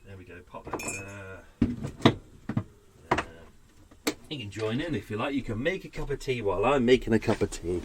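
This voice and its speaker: A man's voice: lowish voice, animated, normal speed, pauses often, very noisy. A man chatting casually and unscripted as a podcast host, tired and a little out of breath, talking from his boat. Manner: rambling, chatty, self-deprecating.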